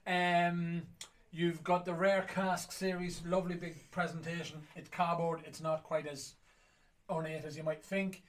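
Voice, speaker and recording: A man with an Irish accent and a fairly high voice chats casually as a whiskey auction host. He is jokey and rambling, with an easy, offhand way of talking. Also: little pitch movement, measured pace. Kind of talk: casual chat.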